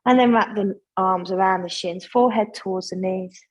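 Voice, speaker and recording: A woman leading a guided yoga class, giving gentle, chatty instructions with friendly asides. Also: mid-range voice, normal speed, rough recording.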